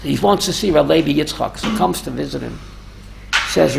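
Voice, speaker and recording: A man, a rabbi, telling stories in a lively talk and quizzing his listeners. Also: a little high, a little fast, gravelly, over music. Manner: animated, asks the audience questions. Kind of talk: storytelling Torah talk with audience.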